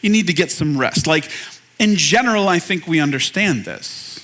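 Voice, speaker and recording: Man, 30s, pastor; bright, slightly high voice, relaxed conversational preaching. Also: normal speed. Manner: conversational, self-deprecating, asks the audience questions. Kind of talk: sermon. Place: church hall.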